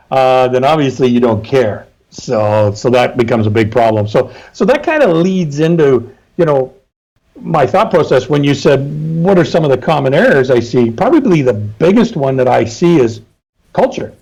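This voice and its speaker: A man's voice: mid-range voice, lively intonation, normal speed, darkish tone, low-quality recording. A middle-aged man, a trucking safety consultant, talking casually and emphatically as an interview guest.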